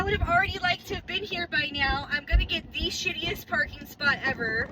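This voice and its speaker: A woman in her thirties with a high, expressive voice chats casually and rambles at a normal speed while vlogging on a phone camera from her parked car, in a driving-vlog style. The background is noisy.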